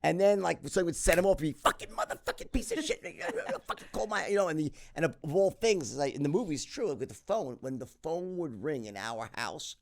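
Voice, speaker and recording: A middle-aged podcast guest speaks fairly quickly with few pauses, his voice a little high and gravelly. His casual interview stories come out animated and profane, with frequent restarts and plenty of "right?".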